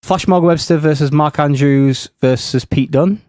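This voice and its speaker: A man's voice: fairly high pitch, normal speed, darkish tone, no room sound. Give me an earnest man listing matches on a podcast, recorded dry and close. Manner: earnest, detailed rundown. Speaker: podcast co-host. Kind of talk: casual chat.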